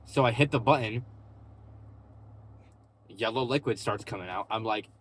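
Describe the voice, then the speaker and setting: A man's voice: fairly low pitch, moderate pace, fairly bright tone, a little hiss or hum. A young man vlogging from his parked car in a parking lot, chatting loosely and casually, full of "bro" and "like". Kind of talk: casual rambling vlog chat.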